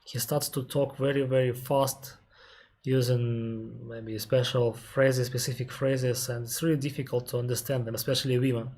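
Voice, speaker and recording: A man's voice: medium pitch, level tone, a little mellow. Russian-accented man explaining patiently. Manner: unhurried, explaining step by step with frequent restarts and pauses. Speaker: airline captain answering viewer questions. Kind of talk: casual live-stream Q&A.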